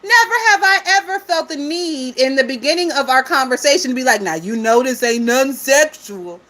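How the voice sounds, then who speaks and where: Woman, gossip livestream host, high voice, sassy, profane, laughing often. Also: expressive, brisk, pushed and bright. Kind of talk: casual gossip commentary, reading chat.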